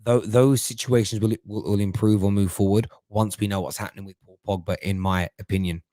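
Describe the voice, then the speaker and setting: A middle-aged man hosts a live stream in a casual, chatty way, often tripping over and repeating words mid-thought. His voice sits fairly low, and the recording is dry and close with little room sound. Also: steady tone, brisk, dark tone, no echo. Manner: chatty, stumbles and repeats words while thinking. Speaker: host of a football fan live stream. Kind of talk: casual live-stream chat reading viewer comments.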